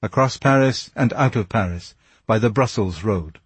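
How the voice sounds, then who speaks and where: Smug police commissary with a husky voice and brisk, pointed questions, read by a man. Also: on the low side, dry recording. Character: smug self-satisfied male police commissary.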